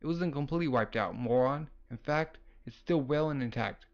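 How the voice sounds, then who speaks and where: A man's voice: medium pitch, normal speed, muffled recording, natural voice. A man reading the lines of a brash, mocking young scientist from a comic, close to his own voice. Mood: smug.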